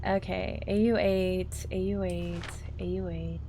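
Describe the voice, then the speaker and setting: A woman's voice: medium pitch, a bit bright. Woman streamer, casual playful commentary over a game, mid-range voice, faint background hiss. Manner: chatty, playful, reads game lines aloud and talks to chat.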